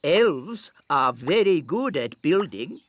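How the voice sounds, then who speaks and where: An actor voicing a smug, self-important old male elf who talks slowly and lingers over his words. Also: a little high, very animated, fairly bright tone, full character voice. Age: older. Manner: slow, self-important, drawn-out. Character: wise old male elf, smug know-it-all builder.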